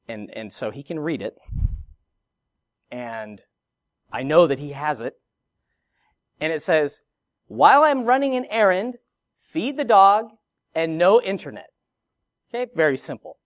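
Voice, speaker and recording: A middle-aged man preaching with a lively, expressive voice that climbs and drops often. His pitch sits a little high for a man. The sound is close and dry, with no room echo. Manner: expressive preaching with rhetorical questions and asides. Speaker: pastor. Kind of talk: sermon.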